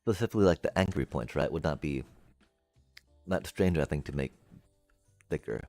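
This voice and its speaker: A man streaming a building game, musing aloud to his chat in a relaxed way and making playful beep-boop noises as he works. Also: rumbling low, fairly quick, dry recording, faint music behind. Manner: chatty, musing aloud, makes beep-boop sound effects. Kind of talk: casual gameplay commentary to live chat.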